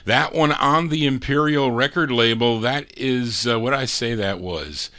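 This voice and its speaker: A man's voice: mid-range voice, measured pace, sharp tone. A man hosting an oldies radio show, chatting about records and correcting himself as he goes. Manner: chatty, self-correcting, full of record trivia.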